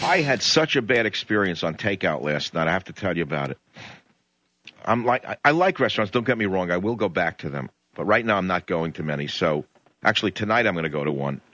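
Ranting male radio host, bright lo-fi. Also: low-pitched, sing-song, no echo. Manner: ranting, indignant, rapid storytelling. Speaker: radio talk show host. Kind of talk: talk radio monologue. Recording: dull lo-fi radio broadcast.

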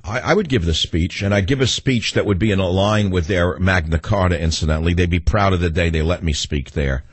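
A man with a New York accent rants into a studio mic as a talk radio host, combative and sarcastic. His voice sits low and husky, and the sound is close and dry with no room behind it. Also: a little fast, dry recording.

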